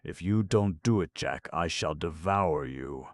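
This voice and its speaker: A man's voice: very deep voice, animated, unhurried. A man voicing a faithful talking dog in a storybook that insists on being beheaded, with threats. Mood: urgent. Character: faithful talking dog, male, stern and pleading.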